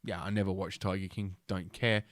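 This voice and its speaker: A low, steady male voice moves briskly through an article on a podcast, mocking it with crude jokes and frequent profanity. The host laughs at his own wisecracks as he goes. Audio is clean studio sound with no room tone.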